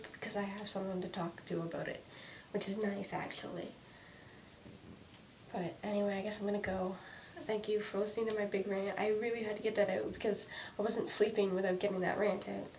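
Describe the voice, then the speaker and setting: A young woman vlogging an emotional rant about her own anxiety, halting and restarting often as she speaks. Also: a little mellow. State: anxious. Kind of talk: emotional personal vlog rant. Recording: distant mic with faint rumble.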